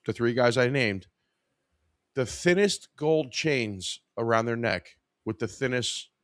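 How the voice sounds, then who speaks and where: A man's voice: mid-range voice, lively intonation, slow, no room sound, clean studio sound. A man hosting a podcast, telling a story in a casual, profane, exasperated way. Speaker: podcast host.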